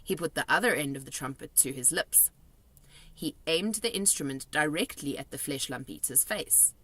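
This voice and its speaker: A woman reading a children's book aloud, expressive and dramatic on the exciting moments. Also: deep voice, moderate pace, husky. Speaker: storybook reader.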